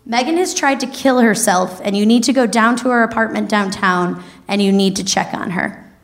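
A woman's voice: mid-range voice, moderate pace, natural voice. A woman quoting her frightened fourteen-year-old sister, urgent and pleading. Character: panicked teenage girl, the little sister.

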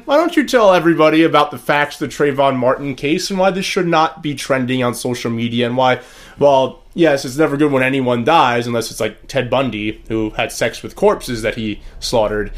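A man hosting a casual political talk show, opinionated and rambling as he sets up topics. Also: medium pitch. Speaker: host.

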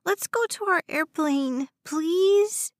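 A woman's voice: slow, dry recording, studio quality. A woman doing a whiny little boy. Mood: begging. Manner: high, whiny and pleading. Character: whiny small boy, tearful and pleading.

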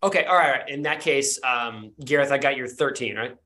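A man's voice: medium pitch, fairly quick, pushed and bright. Man, game master, rambling narration, lots of fillers.

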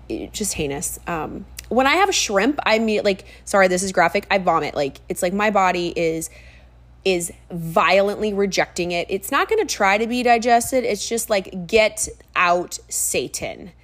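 A young woman chatting on her own podcast in a loose, animated way. She fills the talk with ums and quick side remarks. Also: mid-range voice. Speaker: podcast host. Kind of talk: casual solo podcast chat.

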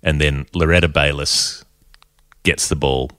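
A man hosting a podcast, telling a story in a casual, animated way and often laughing through it. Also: rumbling low, a little slow, dry recording, clean studio sound. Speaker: podcast host.

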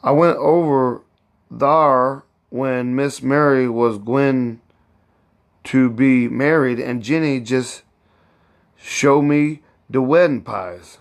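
A man voicing an elderly woman cook who is proud and bossy, speaking in heavy old Southern dialect and scolding as she talks. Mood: gossiping. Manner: raised pitch, drawn-out words.

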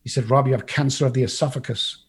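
Fast and medium-pitched, with fairly even intonation and a breathy edge, an English man tells a group about his recovery. He is blunt and profane and acts out the voices in his tale.

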